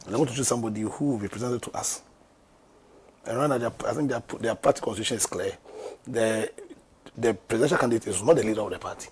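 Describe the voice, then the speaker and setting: A man's voice: medium pitch, fast, slight background noise. A man with a Ghanaian English accent giving political commentary, asking rhetorical questions and turning emphatic.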